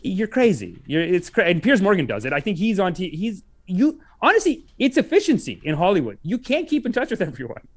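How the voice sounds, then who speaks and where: High, lively joking man. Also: fairly quick, hardly any pauses. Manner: joking, laughs often. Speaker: podcast co-host. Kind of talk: casual chat.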